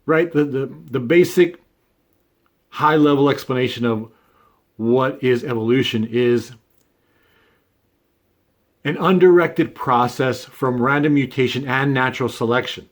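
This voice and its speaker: A man in mid-range voice thinks out loud to the camera, loose and conversational. He keeps checking in with quick asides and easy filler words as he works through his point. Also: medium pitch, steady tone. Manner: conversational, many fillers and "right?" tags. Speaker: video essay host. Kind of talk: casual unscripted monologue.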